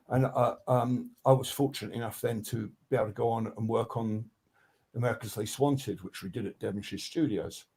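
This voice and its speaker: A man's voice: mid-range voice, brisk. An older man, a guest record producer telling casual studio anecdotes, swearing freely, restarting his sentences and acting out what people said. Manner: animated, swears freely, acts out quotes; many restarts and fillers.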